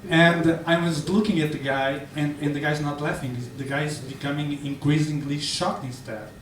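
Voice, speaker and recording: A man's voice: fairly high pitch, flat delivery, moderate pace, fairly bright tone, a little hiss or hum. A man performing a live stand-up set in a bar, hesitant with stammering restarts. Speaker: stand-up comedian. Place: bar stage, indoors. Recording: roomy, distant mic, faint ambience.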